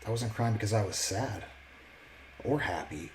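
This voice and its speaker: A man casually sharing a personal faith testimony, earnest and reflective, often pausing and restarting his words. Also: fairly low pitch, slight background noise, low-quality recording. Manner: halting, with many restarts and fillers.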